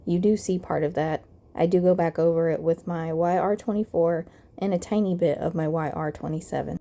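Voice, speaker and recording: A young woman talks through a card-making tutorial in a calm, methodical voice-over. Her voice is low and mellow, with a gravelly, crackly early-morning roughness running through it. She explains each step plainly and evenly. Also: a little fast.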